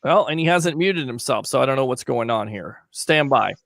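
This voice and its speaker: A man's voice: medium pitch, animated, normal speed, creaky, fairly bright tone, dry recording. A man hosting a casual call-in sports talk show, chatting and reading out viewer comments.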